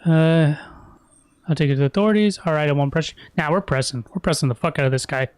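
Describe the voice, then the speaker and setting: A man's voice: fairly high pitch, fast, a little mellow, clean tone, no room sound. Man, gaming streamer, crude, profane, casual commentary, dry close sound.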